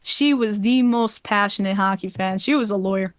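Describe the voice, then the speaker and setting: A woman guest on a podcast telling a heartfelt personal story, animated and quick to laugh, getting choked up. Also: medium pitch, clean tone, no echo, studio quality.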